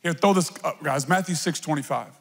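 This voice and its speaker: A man preaching a lively sermon as a pastor, acting out little voices and playful asides. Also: fairly high pitch, fairly quick, creaky, slightly rough, in a large hall.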